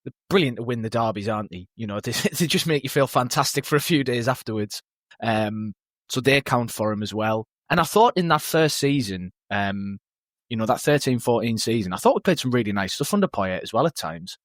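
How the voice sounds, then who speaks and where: A man on a football podcast panel talks in a laid-back, rambling way with frequent chuckles. His voice sits mid-pitch and sounds dry and close. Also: lively intonation, brisk, no room sound. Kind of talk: casual football chat.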